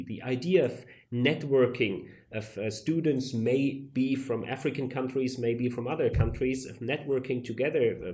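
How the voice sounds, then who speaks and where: A male professor answering interview questions in a measured, deliberate way, often pausing to search for words. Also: medium pitch, a little mellow.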